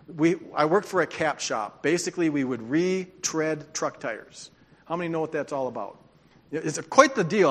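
A man's voice: a little high, a bit bright. A man preaching a sermon as pastor, telling stories and calling on the congregation to answer back. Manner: storytelling, calls for congregation responses. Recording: long hall reverb.

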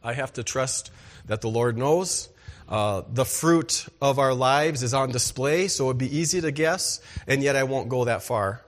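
A man's voice: medium pitch, a little slow. A man preaching a sermon as pastor, emphatic and asking the congregation rhetorical questions.

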